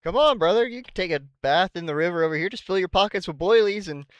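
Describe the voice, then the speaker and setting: A man's voice: sits high, fast talker, no room sound. A man co-hosting a podcast, chatting casually and joking with lots of fillers. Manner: laid-back, joking, filler-heavy. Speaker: podcast co-host. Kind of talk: casual chat.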